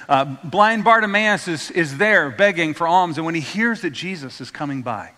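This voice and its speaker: Pastor, male, storytelling sermon, bright and slightly high voice, long hall echo. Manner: storytelling, acts out quoted voices, asks congregation to repeat words.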